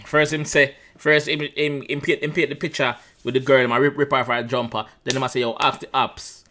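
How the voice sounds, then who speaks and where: A man's voice: medium pitch, little pitch movement, fairly quick, bright, forceful tone, a little hiss or hum. A young Jamaican man with a Jamaican accent, casually breaking down a song line by line in a chatty way that slips into patois. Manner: chatty, repeats himself, mixes in patois. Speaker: reaction channel host.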